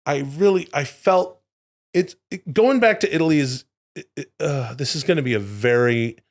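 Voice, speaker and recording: A man's voice: on the high side, moderate pace. A man co-hosting a comedy podcast, talking in a rambling, profane, loose and joking way. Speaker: podcast co-host. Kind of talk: casual comedic chat.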